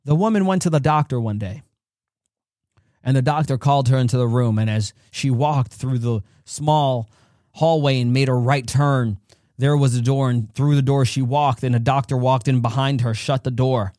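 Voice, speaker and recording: A man's voice: mid-range voice, normal speed, mellow, no room sound, studio quality. A man hosting a podcast, giving an earnest, direct faith-based motivational talk full of stories. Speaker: podcast host.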